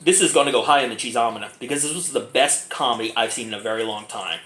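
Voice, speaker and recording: A man giving a casual movie review, animated and giggly, keeps breaking into laughter. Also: fairly low pitch, very fast, hardly any pauses. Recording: echoey room, faint background noise.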